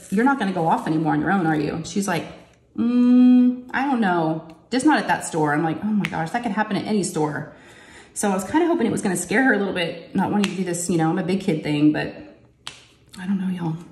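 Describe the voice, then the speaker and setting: Woman, casual crafting chat, lowish voice, roomy echo, faint hiss. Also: darkish tone. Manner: chatty storyteller who acts out quotes in a higher voice. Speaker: crafting vlogger. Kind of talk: casual chat while diamond painting. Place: home craft room. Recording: echoey room, faint noise.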